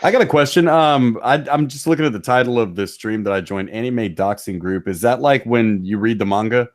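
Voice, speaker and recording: A man's voice: medium pitch, fairly quick. Profane, rambling male stream co-host. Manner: loose, rambling, swears freely. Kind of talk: casual profane chat.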